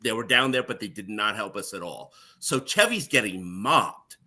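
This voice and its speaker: Brief: middle-aged male storyteller, animated, low-pitched, very bright tone. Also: normal speed, husky. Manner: animated, laughs often. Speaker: guest, former NBC page. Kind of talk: casual storytelling.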